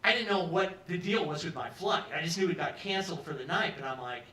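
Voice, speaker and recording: A man's voice: fairly high pitch, quick pace, sharp tone. A man telling a long comic story to a pub crowd, rambling and conversational, acting out what people said. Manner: rambling, conversational, acts out quotes. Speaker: storyteller at an open mic. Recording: roomy live pub sound from a distance.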